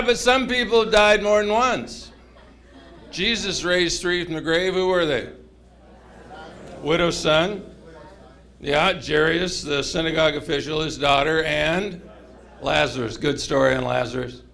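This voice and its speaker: A man with a slightly high voice delivers a humorous mini-sermon to a chapel congregation, taking his time and pausing often. He tells his stories animatedly and jokily, doing voices for the characters.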